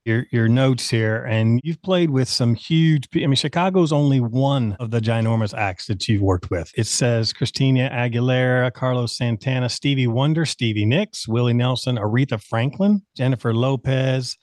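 A male podcast co-host who asks questions in casual chat, reading from his notes. His voice sits mid-pitch, and the recording is dry and close. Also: normal speed, few pauses, darkish tone, dry recording. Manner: friendly interjections, reads from notes.

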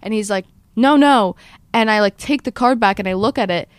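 A young woman hosts a casual podcast, rushing through a story and acting out every quote. Her voice is smooth and resonant. It is recorded close and dry, with no room sound. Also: medium pitch, no echo. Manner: fast, animated storyteller who acts out quotes. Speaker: podcast host.

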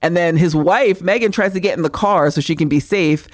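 A woman co-hosting a podcast, recapping a movie in casual chat, swearing freely and animated. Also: on the low side, a little fast. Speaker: podcast co-host.

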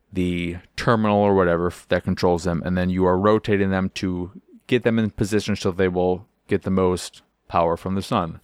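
A man's voice: low-pitched, smooth, dry recording, clean studio sound. A man hosting a podcast, chatting casually and profanely about video games and acting out scenes as he talks. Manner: rambling and profane, acts out scenes. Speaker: podcast host. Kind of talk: casual video game chat.

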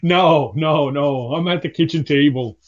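A man's voice: on the high side, unhurried. A man calling in to a podcast, chatting casually in a laid-back way. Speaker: caller. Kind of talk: casual chat. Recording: dull, lo-fi call-in line.

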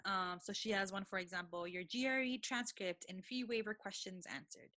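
A woman co-hosting a casual podcast chat, telling stories in a lively way, often stopping to correct herself and laughing. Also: mid-range voice, normal speed, no echo. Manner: lively storyteller who backtracks and corrects herself; laughs often, switches languages mid-sentence. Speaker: podcast co-host.

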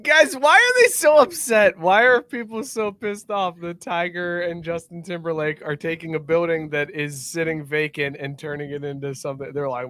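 A man co-hosting a sports podcast, loud, excitable and profane, in casual chat. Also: a little high, normal speed, few pauses, no echo, clean studio sound. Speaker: podcast co-host.

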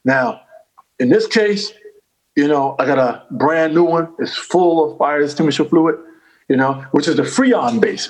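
A man telling a long comic story in casual chat, animated and profane, repeating phrases as he goes. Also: fairly high pitch, poor audio. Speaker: comedian guest.

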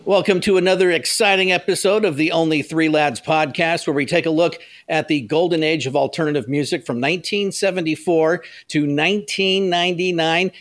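A man hosts a casual music podcast. His voice sits a little high for a man, and he tells long relaxed stories from memory. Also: a little fast, hardly any pauses. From Phoenix area, United States. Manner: relaxed storytelling, reminiscing. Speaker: podcast host.

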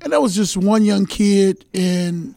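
A man's voice: high-pitched, expressive, measured pace, a little mellow, no room sound. A man on a casual podcast panel, telling a rambling story.

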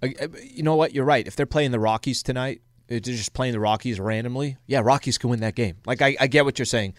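A man's voice: mid-range voice, fast talker, no echo. A man co-hosting a casual sports talk radio show, easygoing with frequent fillers, at a studio microphone.

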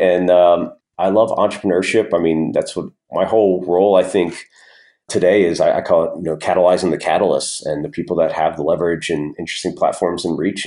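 A man with a very low voice talks through his career as an interview guest. He rambles easily, circling back with fillers and restarted phrases. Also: dark tone. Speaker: guest entrepreneur. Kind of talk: casual interview storytelling.

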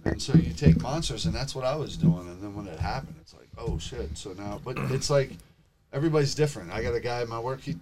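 A middle-aged man telling a story in casual chat, animated and emotional, swearing freely. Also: medium pitch, fast talker, over a noisy crowd. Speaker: guest telling his story.

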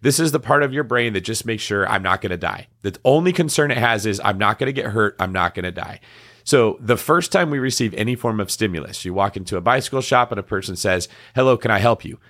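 A man's voice: lowish voice, fast talker. A middle-aged man co-hosting a business talk show, explaining ideas in a casual way and acting out the reactions of the people he quotes. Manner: animated, acts out quoted reactions. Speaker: podcast co-host.

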